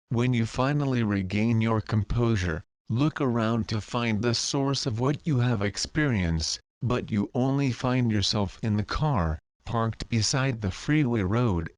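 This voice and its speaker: A man narrating a spiritual story in the second person, calm and measured. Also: mid-range voice, dry recording. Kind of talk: slow guided narration.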